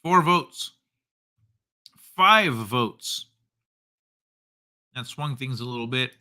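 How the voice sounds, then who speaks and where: A man hosting a casual livestream, reading viewer comments aloud in an unhurried, joking way and chuckling often. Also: mid-range voice, expressive, bright, forceful tone. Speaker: livestream host.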